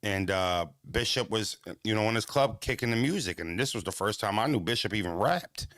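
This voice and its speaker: A man's voice: fairly low pitch, expressive, a little fast, a bit bright, no echo, clean studio sound. An American man from Pennsylvania telling a story in casual chat, swearing often and laughing as he acts out the voices of others.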